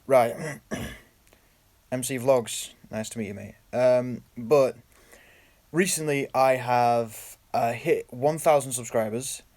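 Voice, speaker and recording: A man's voice: mid-range voice, slow pace, darkish tone. A young man chatting casually on a live stream from his phone, rambling and stumbling over his words as he greets viewers by name.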